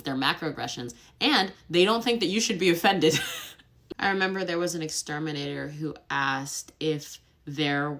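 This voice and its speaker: Low-voiced woman, chatty and direct. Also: a bit bright. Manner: chatty and direct, with quick asides and mocking impressions. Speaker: vlogger. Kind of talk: casual talking-to-camera vlog.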